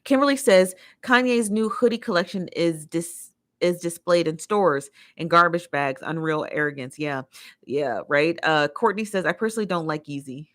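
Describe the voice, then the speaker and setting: An American woman with a fairly low voice hosts a casual livestream. She reads viewer comments aloud and answers them with exasperated, emphatic ranting. She repeats her points to drive them home. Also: moderate pace, fairly bright tone. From United States. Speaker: livestream host.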